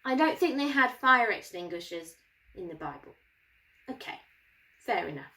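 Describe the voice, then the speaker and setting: A woman's voice: mid-range voice, sing-song, normal speed, creaky, pushed and bright, low-quality recording. A woman presenting a children's Bible lesson for her church, with a playful, encouraging way of talking.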